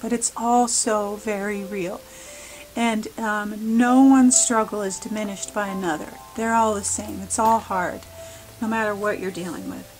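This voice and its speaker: A woman art vlogger talking casually and earnestly about her project, with many pauses and "um"s. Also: mid-range voice, poor audio. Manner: warm, earnest, many "um"s, gets emotional. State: a little emotional. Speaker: mixed-media art vlogger. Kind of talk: casual art tutorial and heartfelt talk.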